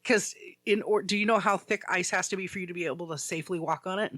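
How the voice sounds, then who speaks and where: A man's voice: high-pitched, fast talker, sharp tone, no room sound. A man co-hosting a casual podcast chat, telling a rambling story full of "like". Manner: rambling storyteller, heavy use of "like". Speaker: podcast co-host.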